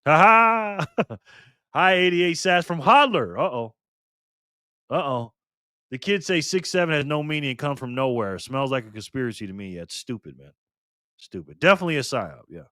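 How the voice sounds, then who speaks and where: A man's voice: on the high side, expressive, moderate pace, bright, forceful tone, no echo, studio quality. A man hosting a casual live stream, reading the chat aloud and talking back to viewers in an upbeat, chatty way. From Nevada.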